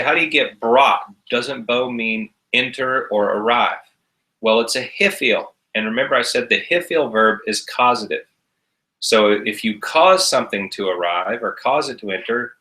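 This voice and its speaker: A man's voice: mid-range voice, sharp tone, poor audio. A man teaching a recorded class, explaining each step patiently. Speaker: Hebrew teacher.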